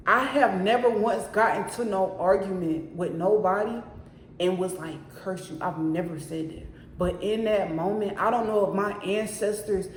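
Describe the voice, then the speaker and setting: A woman's voice: mid-range voice, slight background noise. A woman telling a story from her own apartment in a casual storytime, talking emphatically and calling out to her viewers again and again. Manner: emphatic, keeps addressing viewers directly. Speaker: storyteller vlogger. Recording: echoey room.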